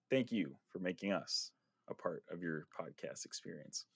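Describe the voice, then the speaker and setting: A man's voice: low voice, expressive, normal speed, gravelly, breathy edge, no room sound. A man hosting a casual podcast chat, upbeat as he wraps up with sign-off plugs. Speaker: podcast host.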